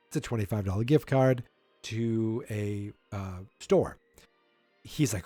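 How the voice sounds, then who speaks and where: Mellow-voiced man chattily recapping an episode. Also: lowish voice, unhurried, no room sound, faint music behind. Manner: rambling, chatty retelling with fillers and acted-out quotes. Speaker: podcast host. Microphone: podcast microphone.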